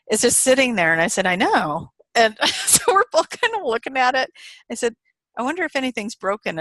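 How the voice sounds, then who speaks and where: A woman's voice: medium pitch, a bit bright, no echo. A woman guest in an interview, telling a story casually, retelling quoted voices with animation and laughter.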